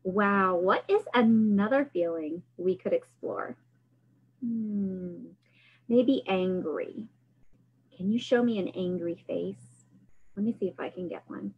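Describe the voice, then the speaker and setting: A woman's voice: mid-range voice, slow pace, slightly rough, highs cut off. A woman hosting a library storytime, singing action songs and coaching young children through gestures. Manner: cheerful, sing-song, coaching kids through motions.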